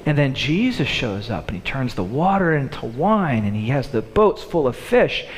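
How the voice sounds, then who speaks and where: A man preaching a sermon in an animated way, acting out the thoughts of the people in his story. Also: mid-range voice, moderate pace, a little hiss or hum. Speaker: pastor. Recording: long hall reverb.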